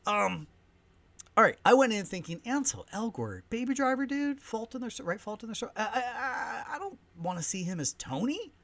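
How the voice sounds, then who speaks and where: A man in his thirties or forties hosting a podcast, ranting excitedly in a movie review, swinging between loud emphasis and soft asides. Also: very high voice, normal speed, vocal fry. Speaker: podcast host, film reviewer.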